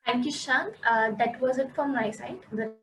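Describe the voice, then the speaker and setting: A woman hosts an online session, asking a guest questions in a polite, fairly high voice. She is heard over a video call with faint background hiss. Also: normal speed, a bit bright, poor audio. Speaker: host. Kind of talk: moderating a live online Q&A.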